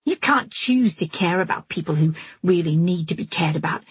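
A woman's voice: fairly low pitch, animated, normal speed, husky, no room sound. A woman voicing a hostile young woman, the narrator's sister, who speaks coldly and with biting contempt. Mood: contemptuous.

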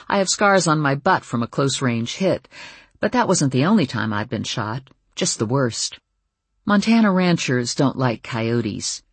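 A woman narrating a first-person audiobook with a wry, lively storytelling manner. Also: a bass voice, husky, dry recording.

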